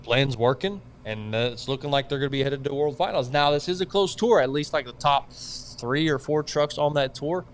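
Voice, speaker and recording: A man's voice: fairly high pitch, normal speed, hardly any pauses, a little hiss or hum. A man hosting a live show, chatting casually and addressing viewers as y'all. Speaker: host.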